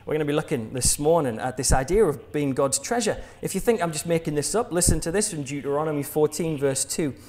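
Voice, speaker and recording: Jokey English preacher, slightly high voice. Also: male voice, animated, quick pace, few pauses, darkish tone, a little hiss or hum. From England. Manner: jokey, conversational, laughs at his own jokes. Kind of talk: sermon.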